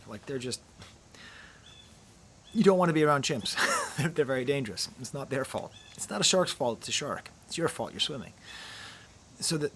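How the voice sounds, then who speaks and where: A middle-aged man giving casual film commentary to camera outdoors, talking softly, almost in a whisper, musing with quick laughs. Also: mid-range voice, a little hiss or hum. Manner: soft, near-whispered delivery. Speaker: YouTube critic. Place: outdoors near trees.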